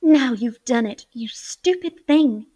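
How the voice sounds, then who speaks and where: A woman's voice: a little high, moderate pace, warm tone, dry recording, natural voice. A woman reading aloud, voicing a spoiled, cross teenage girl who scolds sharply. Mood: angry.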